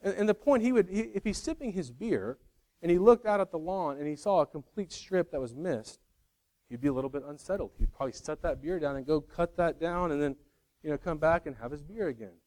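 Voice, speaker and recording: A middle-aged male pastor preaches in a relaxed, conversational way. He slips in self-deprecating jokes and acts out quoted lines. His voice sits a touch high for a man. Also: brisk. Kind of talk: sermon.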